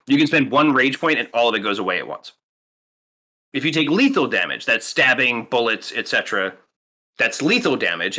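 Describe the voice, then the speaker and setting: A man's voice: mid-range voice, sharp tone. A man acting as game master, patiently explaining the rules of a tabletop role-playing game with plenty of fillers.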